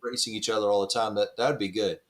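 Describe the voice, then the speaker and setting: A man's voice: fairly low pitch, steady tone, fast talker. A man hosting a podcast, chatting casually and saying "y'all", keen on the details of race cars. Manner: chatty, Southern "y'all", enthusiastic about cars. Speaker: podcast host.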